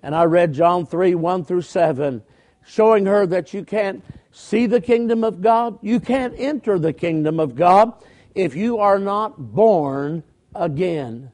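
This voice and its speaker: A man's voice: high voice, measured pace, a little mellow. An older man preaching, telling folksy stories in a conversational way and calling out for amens. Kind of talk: storytelling sermon.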